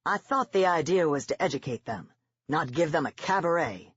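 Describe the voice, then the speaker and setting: Harsh sarcastic sergeant voiced by the narrator, low and husky, dull lo-fi sound. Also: lively intonation, moderate pace, no room sound. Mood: sneering. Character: gruff, sarcastic male army sergeant.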